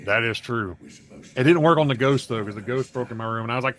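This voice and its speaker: Man, casual co-host, profane rambling storyteller, mid-pitched voice. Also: quick pace, a bit bright. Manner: profane, rambling storyteller who acts out quotes. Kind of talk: casual chat.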